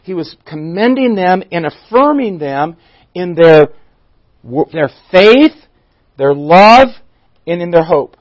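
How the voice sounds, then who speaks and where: A man's voice: high-pitched, expressive, slow pace, no room sound, dull audio. A man teaching a Bible study in a church, who asks the audience questions, restarts his sentences and leans on key words. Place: church room.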